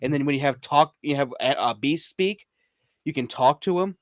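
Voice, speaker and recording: A man's voice: a little high, moderate pace, no echo, studio quality. A man co-hosting a casual podcast, often laughing, restarting sentences and trailing off as he talks. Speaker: podcast co-host. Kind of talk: casual chat about video games.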